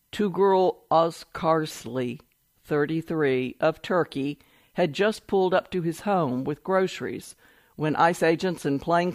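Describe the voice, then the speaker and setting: A man reading a news report aloud in a steady, measured way, announcing each quotation with "quote". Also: a little high, no echo. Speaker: article reader.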